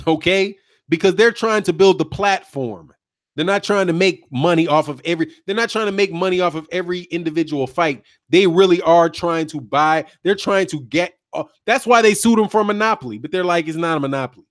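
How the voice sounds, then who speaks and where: A man hosting a boxing channel stream, chatty and animated, talking straight to his viewers and laughing often. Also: sits high, fairly quick. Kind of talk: live-stream boxing commentary.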